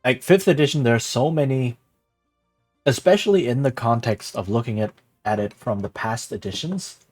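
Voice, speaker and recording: A man's voice: mid-range voice, moderate pace, faint music behind. A man streaming live, casually explaining something and often asking "right?" as he goes. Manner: rambling, keeps asking "right?".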